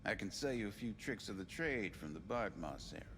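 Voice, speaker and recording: Calm veteran netrunner, low voice, game audio with a long reverb. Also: male voice, a little fast, slight background noise. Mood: laid-back. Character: seasoned male netrunner trading old tricks.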